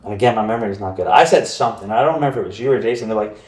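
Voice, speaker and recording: A man's voice: lowish voice, rapid-fire, a little mellow, roomy sound, distant mic. A man with a Texan accent co-hosting a podcast, telling stories casually, swearing freely and acting out quoted dialogue. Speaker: podcast co-host. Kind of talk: casual storytelling chat.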